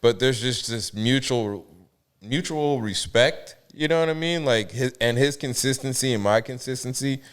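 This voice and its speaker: A man's voice: medium pitch, moderate pace, clear, resonant tone. A tattoo artist, a man, chatting in a laid-back, profane way on a podcast. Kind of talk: casual interview.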